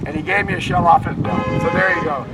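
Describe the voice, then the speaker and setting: A man's voice: on the high side, fairly even intonation, quick pace, recorded from a distance, a loud crowd, low-quality recording. A middle-aged man leading a walking tour outdoors, telling anecdotes in a rambling way with many fillers and restarts. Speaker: tour guide. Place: outdoors on a town street.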